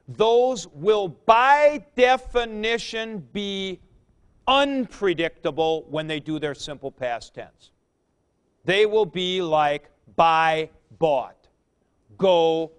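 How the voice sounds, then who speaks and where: A Greek teacher lectures his class on Greek verbs, drilling the forms aloud and adding emphatic asides to stress key points. His voice is high, clear and resonant.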